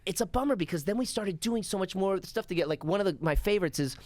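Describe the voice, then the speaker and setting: A man's voice: high voice, quick pace. A man chatting as a podcast guest, telling stories animatedly and acting out old scenes. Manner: animated storyteller, acts out scenes and laughs. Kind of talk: casual chat.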